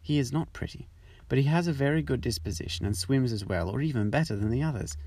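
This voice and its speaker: A man's voice: medium pitch, lively intonation, fast, a little mellow, slightly rough, no room sound, voice pushed up. A man voicing a fussy, proud mother duck in a storybook reading, anxious and doting. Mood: defensive.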